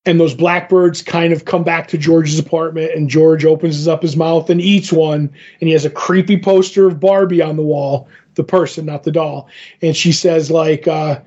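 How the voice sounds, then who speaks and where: Recapping a comic book issue on the podcast he co-hosts, a man rambles casually, stumbling through fillers and restarts. He has a slightly high, darkish voice with fairly even intonation, speaking at normal speed on dull audio.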